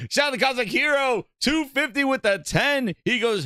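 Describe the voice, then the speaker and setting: A man hosting a gaming livestream, talking excitedly and bursting into loud shout-outs to viewers. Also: very high voice, normal speed, few pauses, clean tone, dry recording, clean studio sound. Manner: animated, loud bursts when thanking viewers.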